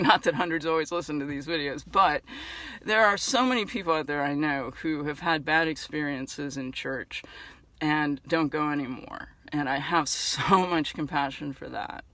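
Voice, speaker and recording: Bright, playful church minister man. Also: fairly high pitch, dry recording. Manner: playful, chatty, warm encouragement with laughs. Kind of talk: casual spiritual video talk.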